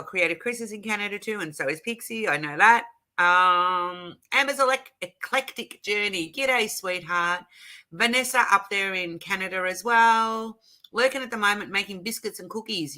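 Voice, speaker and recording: A woman's voice: fairly high pitch, pushed and bright. An Australian woman hosting a casual craft livestream from her home craft room, chatting and greeting viewers one by one. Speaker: livestream host.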